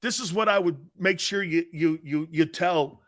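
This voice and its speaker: Middle-aged guy hosting a sports show, kinda high voice, cracking jokes and laughing, keeps restarting his sentences. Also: moderate pace, a bit bright. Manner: joking, laughs often, trails off and restarts. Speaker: sports talk show host. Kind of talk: casual sports talk show banter.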